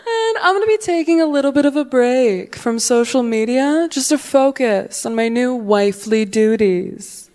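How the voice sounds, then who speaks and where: A woman's voice: on the high side, expressive, moderate pace, few pauses, darkish tone, close to an everyday voice. A gushing newlywed girl, as a woman comic puts her on.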